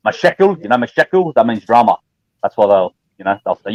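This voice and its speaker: Fast-talking man in a relaxed chat. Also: on the low side, dry recording, dull audio. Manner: relaxed, chatty, slangy, repeats words. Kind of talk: casual chat.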